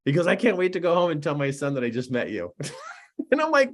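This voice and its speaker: A middle-aged man, a personal development coach, telling stories and giving a motivational talk in an excitable, animated way. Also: fairly high pitch, a little fast. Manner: animated and excitable, laughs at his own stories. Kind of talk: storytelling to camera, motivational talk.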